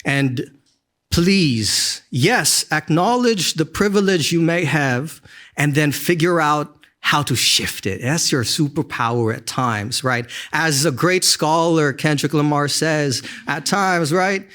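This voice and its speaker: A man's voice: on the high side, slow pace, a bit bright. A young man giving an earnest, emotional graduation speech as an alumni speaker, often tagging lines with "right?".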